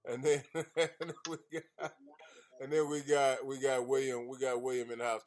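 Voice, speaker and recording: A man's voice: medium pitch, flat delivery, moderate pace, a little mellow. A man hosting an independent radio show over a video call, chatting loosely with lots of fillers and restarts. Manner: rambling, loose and joking, with many fillers and restarts.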